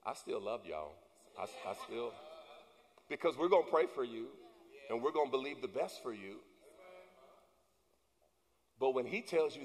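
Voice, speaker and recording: A male pastor preaching a sermon, building to shouted emphasis and calling out to the congregation. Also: medium pitch, big pitch swings, normal speed, pauses often, big-room sound. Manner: preaching with rising, shouted emphasis and call-and-response. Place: church sanctuary.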